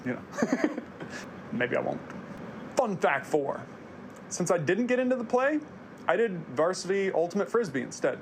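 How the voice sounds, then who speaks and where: A man's voice: high voice, sing-song, normal speed, long pauses, slight background noise. A man around thirty, hosting a personal video series, narrating scripted reflections in an earnest, confessional way.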